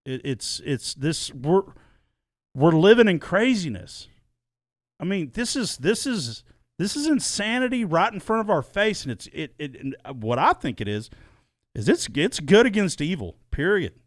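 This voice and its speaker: A man's voice: on the high side, sing-song, moderate pace, no echo. A man co-hosting a podcast in casual chat, rambling and restarting his words, recorded in a small soundproofed studio. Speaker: podcast co-host.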